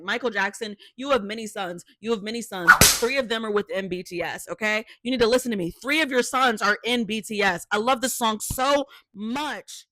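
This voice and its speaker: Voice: medium pitch, fairly bright tone, no echo. Young vlogger ranking songs at home, gushy and over the top with the sorrys, dry close sound. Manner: gushing, emphatic, dramatically apologetic. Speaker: music reviewer. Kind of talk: casual tier-list ranking vlog.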